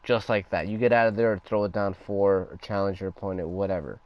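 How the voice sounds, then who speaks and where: A man's voice: sits low, fairly even intonation, fast, no echo. A young man giving a casual, profane gameplay tutorial, talking loosely over footage. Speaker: gaming guide creator.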